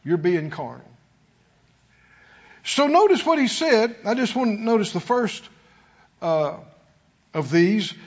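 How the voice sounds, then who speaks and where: A man preaching a sermon to a congregation in a call-and-response style, sometimes rising to shouts. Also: sits high, sing-song, slow, pauses often, husky, highs cut off. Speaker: pastor.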